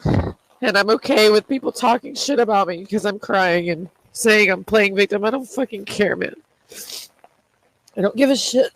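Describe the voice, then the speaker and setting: A woman's voice: mid-range voice, normal speed, no echo, poor audio. A tearful, distraught woman vlogging, swearing and repeating herself as she vents. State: crying. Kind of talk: emotional confessional vlog.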